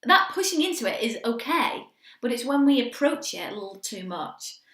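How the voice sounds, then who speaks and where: A young woman coaching singers in a quick lesson, chatty and encouraging, breaking into sung demonstrations. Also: a little high, very animated, a bit bright, roomy sound. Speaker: vocal coach.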